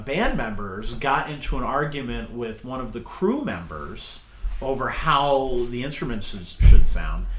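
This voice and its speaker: A middle-aged man hosting a casual podcast chat in a basement studio, talking in a rambling way full of fillers and quick laughs. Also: mid-range voice, fairly bright tone, reverberant. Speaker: podcast host.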